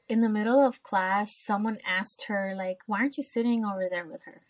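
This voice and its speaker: A woman hosts a podcast in relaxed, casual chat, at a middle pitch that is neither high nor low. She speaks candidly and swears freely, and she often slips into her own past remarks as she tells a story. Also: fairly quick. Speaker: podcast host.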